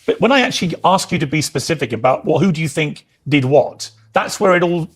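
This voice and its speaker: A man's voice: a little high, animated, brisk, husky. A man interviewing a guest, pressing her with challenging questions.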